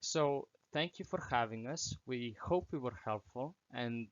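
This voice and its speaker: A man's voice: medium pitch, a little slow, dry recording, lo-fi sound. Teenage boy giving an earnest presentation. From Slovenia. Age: teens. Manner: earnest, reads through numbered points with small restarts. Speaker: student presenter. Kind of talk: prepared presentation.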